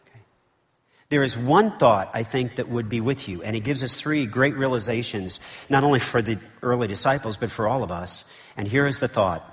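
A man's voice: mid-range voice, normal speed, big-room sound. A man preaching a sermon as pastor. He tells the story with animation, asks the congregation rhetorical questions and often checks in with "okay?". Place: church sanctuary.

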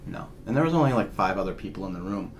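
Low-voiced man in casual chat. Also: expressive, rapid-fire, a little hiss or hum. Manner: rambling, restarts sentences. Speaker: paranormal investigator, co-host.

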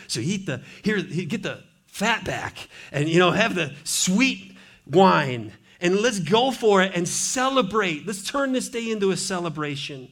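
A male pastor preaching a sermon in a church, with a fairly high voice. He talks conversationally and works in playful asides. He swings from loud emphasis to hushed, intense lines. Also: very animated, measured pace. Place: church sanctuary.

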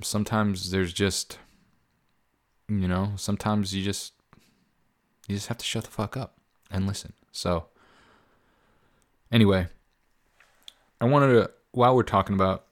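A man with a very low, deep voice hosts his own podcast, talking off the cuff. He rambles candidly, swears freely, and leans on fillers as he goes. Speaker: podcast host. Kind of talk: casual solo podcast monologue.

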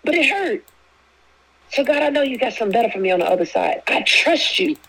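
A woman's voice: high voice, big pitch swings, a little fast, vocal fry, a bit bright, poor audio. Emphatic woman preaching on faith. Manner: emphatic, repeats key phrases, speaks prayers aloud. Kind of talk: preaching-style faith talk.

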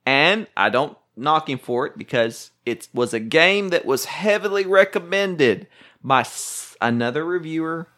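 A man's voice: fairly high pitch, expressive, measured pace, a bit bright. A man from the United States hosting a casual board game chat, rambling with wry asides. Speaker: podcast host.

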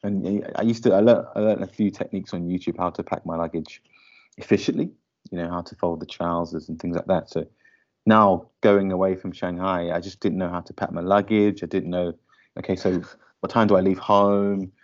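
A man with a very low voice chats casually as a podcast co-host. He laughs easily and fills his talk with ums and you-knows. The audio is dull and lo-fi, like a call recording. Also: fairly even intonation, a little fast. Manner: chatty, laughs easily, frequent fillers. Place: lives in Shanghai.

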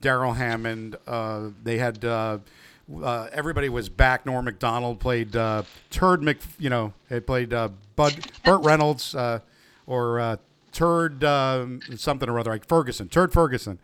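A man's voice: medium pitch, fairly bright tone, clear, resonant tone. Chatty middle-aged man in casual talk. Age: 50s. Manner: chatty, jokey, halting with fillers. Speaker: co-host. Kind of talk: casual chat.

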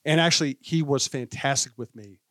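A man from the Midwest, a sports writer and show guest, recalling an old story in a quick conversational way. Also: mid-range voice, a bit bright, no room sound, studio quality. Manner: fast, conversational recollection. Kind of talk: casual storytelling chat.

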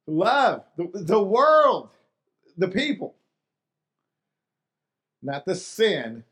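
Earnest preacher man, slightly high voice. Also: very animated, very slow, a bit bright. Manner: earnest, repetitive, with many restarts and rhetorical questions. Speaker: pastor. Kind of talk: sermon.

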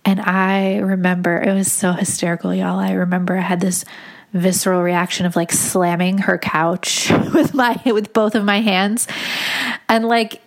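A young woman casually telling a personal story in a chatty, animated way, full of fillers. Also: medium pitch, unhurried, vocal fry. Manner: chatty, filler-heavy, animated retelling with laughs.

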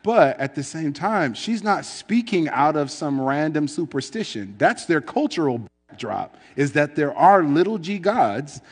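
A man's voice: a little high, very animated, a little slow, hardly any pauses, husky, long reverb tail. A man preaching in a casual, conversational way, reading scripture and explaining it with frequent fillers.

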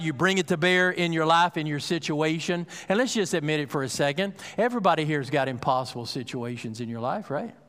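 A male pastor preaching a sermon, telling a story with acted-out dialogue and building to loud, emphatic peaks. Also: a little high, big-room sound.

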